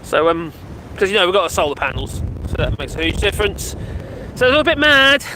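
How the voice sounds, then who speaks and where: A man's voice: high-pitched, sing-song, quick pace, pushed and bright, poor audio. A man live-streaming outdoors in gusty wind, chatting casually and rambling with laughs and exclamations, into a mic with a furry windshield. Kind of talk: casual live-stream chat, reading comments. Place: outdoors on a windy hillside near buildings. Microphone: handheld mic with furry windshield.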